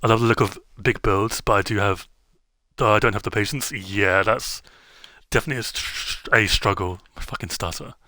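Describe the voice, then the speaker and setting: A streamer man talks through his game in a loose, rambling way, circling back on himself with plenty of fillers. His voice sits on the low side but has a bright, forward edge. The sound is dry, with no room echo. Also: steady tone, a little fast. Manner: rambling, self-interrupting, many fillers. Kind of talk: casual gameplay chat.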